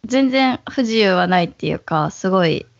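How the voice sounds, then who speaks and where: A woman's voice: mid-range voice, animated, quick pace, crowd noise. A woman interviewing a guest in casual chat, playful and admiring, on a dull lo-fi recording. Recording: dull lo-fi audio.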